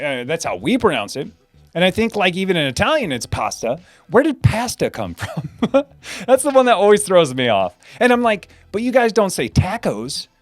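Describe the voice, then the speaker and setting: This host's voice sits high, on a dry recording. The American man runs a live Q&A, rambling through viewer comments with plenty of fillers and false starts and frequent laughter.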